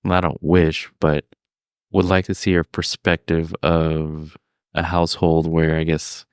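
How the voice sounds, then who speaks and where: A man's voice: rumbling low, level tone, unhurried, clean tone, dry recording, clean studio sound. A man co-hosting a podcast in casual chat, mostly giving short replies to the storyteller.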